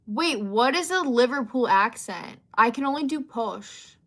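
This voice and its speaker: A woman's voice: fairly high pitch, moderate pace, hardly any pauses. A young woman hosting a livestream, chatting casually and reading out viewer comments, with lots of fillers and giggly asides. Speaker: livestream host.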